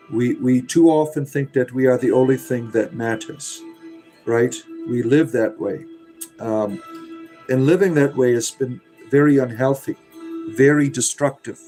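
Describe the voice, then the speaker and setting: A man's voice: medium pitch, warm tone, rough recording. A man hosting a casual livestream on a phone, answering viewer comments in a rambling way with many fillers and restarts. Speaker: livestream host.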